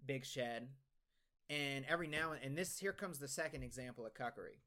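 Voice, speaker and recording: A man's voice: medium pitch, a little fast, bright, forceful tone. A young man co-hosting a podcast, telling a long story in casual, rambling talk full of swearing and restarts. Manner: rambling, profane, many restarts. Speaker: podcast co-host.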